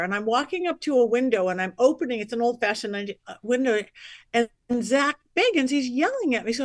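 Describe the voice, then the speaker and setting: Psychic lady on a podcast, kinda high voice, super animated storytelling, dry close sound. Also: brisk, no room sound. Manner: lively, acts out quoted voices, chatty asides. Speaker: psychic medium guest.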